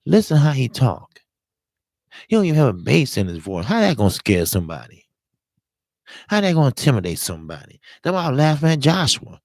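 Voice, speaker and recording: A man hosting a live-streamed boxing talk show, hoarse from talking all day, giving blunt, emphatic and profane commentary while greeting viewers. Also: medium pitch, very animated, fairly quick, a little mellow, no echo.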